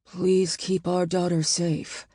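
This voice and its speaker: A woman doing a gruff, deep-voiced husband. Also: steady tone, measured pace, warm tone, no room sound, clean studio sound. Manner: gruff and tight.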